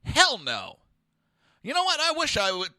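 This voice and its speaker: Brief: male podcast host, high-pitched, dry close sound, aggressive and crude commentary. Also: huge pitch swings, unhurried, bright, forceful tone, dry recording. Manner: aggressive, profane, mocking. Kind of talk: political commentary rant.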